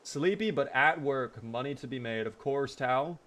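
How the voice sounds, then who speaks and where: A man's voice: mid-range voice, unhurried, fairly bright tone. A man streaming a game live, chatting casually, teasing his character and answering his chat.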